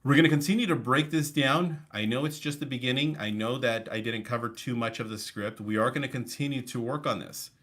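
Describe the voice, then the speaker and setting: A man running a live online coaching session over a video call, talking with high energy and breaking it up with deliberate pauses and changes of pace. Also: a bit bright. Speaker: real estate coach.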